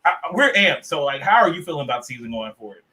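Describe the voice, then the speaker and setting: A man co-hosting a sports podcast, telling lively stories and swearing casually. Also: fairly high pitch, fast talker, low-quality recording. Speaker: podcast co-host.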